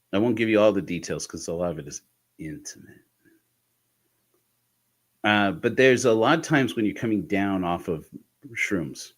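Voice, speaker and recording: A man telling a reflective personal story in a candid, halting way, with restarts and soft laughs. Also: fairly low pitch. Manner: candid, intimate. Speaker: host of a personal podcast talk.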